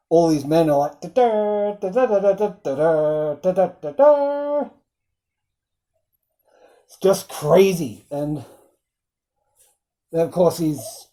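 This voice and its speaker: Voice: medium pitch, dark tone, rough recording. A film reviewer recapping scenes in casual chat, rambling with frequent ums and acting out quoted lines in bursts.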